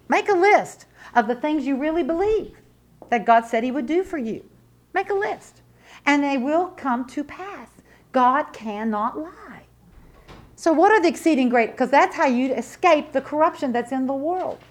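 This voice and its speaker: A middle-aged woman preaching with a high, bright voice. She is fervent and emphatic, hammering one phrase again and again and firing off rhetorical questions at the congregation. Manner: emphatic and testifying. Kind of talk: sermon.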